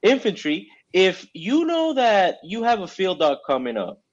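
A man's voice: high-pitched, wildly swooping pitch, a little slow, lo-fi sound. A man, a Marine and former recruiter, explaining his point in casual chat, stressing words and checking in with "right?".

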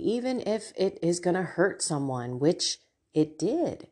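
A woman's voice: lowish voice, expressive, a little slow, mellow. A middle-aged woman hosting a podcast, sharing a personal, confessional reflection. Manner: emotional, confessional, with laughs. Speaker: podcast host.

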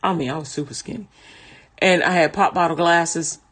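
A woman's voice: fairly low pitch, steady tone, normal speed. A woman casually telling a personal story in conversational, vernacular speech, often laughing and restarting her sentences.

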